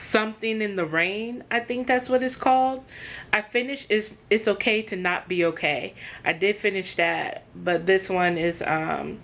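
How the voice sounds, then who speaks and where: Slow, laid-back woman vlogging at home. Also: mid-range voice. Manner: laid-back, laughs easily, drawn-out words. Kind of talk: casual vlog chat. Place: indoors at home.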